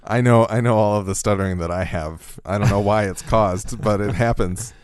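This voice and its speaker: Smooth-voiced, low-pitched man co-hosting a podcast. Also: normal speed, darkish tone, dry recording. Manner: thoughtful, hesitant, with frequent fillers and restarts. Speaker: podcast co-host. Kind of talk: casual chat.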